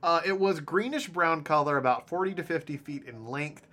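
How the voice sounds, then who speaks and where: A man's voice: fairly high pitch, normal speed, sharp tone. A man co-hosting a podcast, retelling lake monster sightings in a rambling casual chat with many fillers and frequent laughs. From Ohio. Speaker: podcast co-host.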